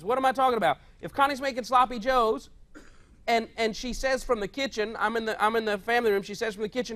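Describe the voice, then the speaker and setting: A man's voice: very high-pitched, steady tone, quick pace, pushed and bright. A male pastor giving a conversational, humorous sermon, telling stories from home and often laughing as he talks. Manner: storytelling, mimics household conversations, often laughing.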